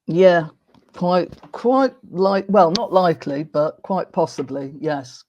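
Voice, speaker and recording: A woman hosting a casual interview, speaking in a polite, measured and gently wry way. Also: on the low side, lively intonation, lo-fi sound. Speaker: host.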